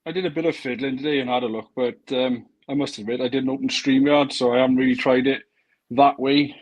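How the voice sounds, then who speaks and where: A man's voice: mid-range voice, fairly even intonation, fast, dull audio. A man with a thick South Welsh accent, chatting easily on a live stream and laughing often. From Wales. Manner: easygoing, laughs often, says "mate". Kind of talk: casual chat on a live stream.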